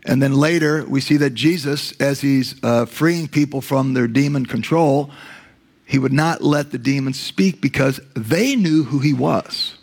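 A male pastor delivers a sermon with a gravelly, slightly husky voice. He retells scripture stories, dropping low for the quoted lines, and slows right down to stress his key words. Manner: storytelling, acts out quotes in a lowered voice.

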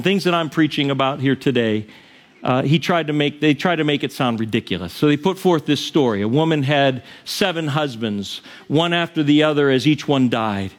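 A middle-aged man preaching a sermon to his congregation in a church, earnest, chuckling between points. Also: a little high. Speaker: pastor. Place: church sanctuary.

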